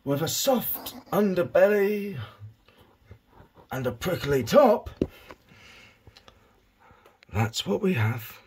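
A man putting on the voice of a male nature documentary narrator, measured and hushed. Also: sits high, sing-song, slight background noise, voice pushed up, exaggerated voice. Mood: mock-serious. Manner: measured, hushed wildlife commentary.

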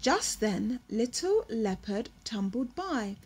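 A young woman reading a picture book aloud to her toddler at home, slow and expressive, with gasps and whispered asides. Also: fairly high pitch, husky.

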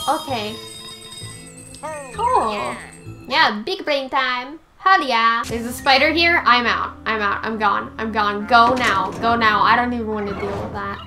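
Young woman, high voice, joking let's-play commentary, easily startled, game music behind. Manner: jokey, squeals and laughs at scares. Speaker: gaming YouTuber.

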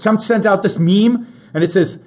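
A man's voice: sits high, moderate pace, dark tone, breathy edge. A man hosting a talk show, giving emphatic political commentary and addressing his listeners directly, often restarting his sentences.

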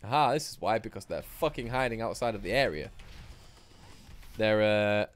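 A man's voice: lowish voice, lively intonation, moderate pace. A man giving sweary, rambling, self-mocking commentary while streaming a game live. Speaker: gaming streamer.

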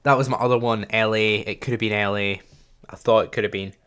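A man's voice: lowish voice, fairly even intonation, quick pace, a bit bright, smooth. A young man hosting a gaming channel, thinking aloud in casual, chatty gameplay commentary and joking at his own expense.

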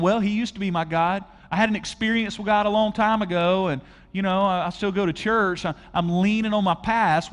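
A man preaching a conversational sermon to a church audience, asking them questions directly. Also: high-pitched. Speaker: pastor. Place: large church auditorium. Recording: long hall reverb.

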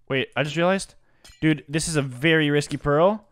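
A man giving live commentary on his own gameplay, excitable and slangy, jumping from low muttering to loud outbursts. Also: a little fast, dry recording, clean studio sound. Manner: slangy, says dude and bro a lot. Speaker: gaming commentator.

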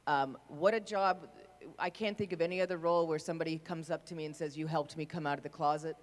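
A woman's voice: low-pitched, steady tone, fast talker, big-room sound. A woman actor speaking effusively on a convention panel. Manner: effusive, emphatic lists. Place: convention hall.

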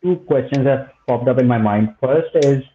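A man's voice: mid-range voice, moderate pace, background noise. Interviewer man on a tinny line. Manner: polite, wordy questions. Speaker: interview host. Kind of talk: interview questions. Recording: thin phone-like line.

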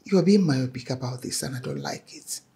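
A woman's voice: rumbling low, wildly swooping pitch, a little fast, gravelly, warm tone, husky, full character voice. A middle-aged woman playing a stern, domineering mother who lectures firmly in formal wording.

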